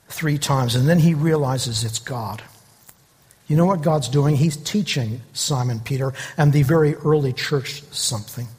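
A man with a husky, somewhat high voice delivers a sermon, animated as he retells stories and briefly acts out the voices in them. His words ring out with a long reverb, as in a large church hall. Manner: animated storytelling, acting out quoted voices. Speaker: pastor.

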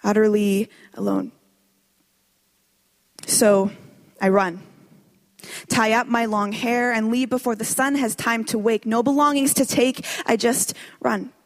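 A woman performing a spoken word poem with a slow, dramatic and intense delivery. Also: fairly high pitch, steady tone. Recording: long hall reverb.

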